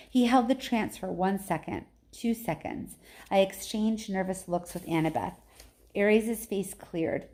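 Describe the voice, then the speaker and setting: Woman reading a novel aloud, lower voice. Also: a little slow, warm tone. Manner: casual, chatty asides.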